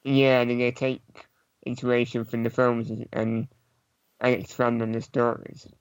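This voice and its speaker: A man's voice: mid-range voice, level tone, moderate pace, clean tone, no room sound. A man co-hosting a casual games podcast, speaking in a matter-of-fact, informative way. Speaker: podcast co-host.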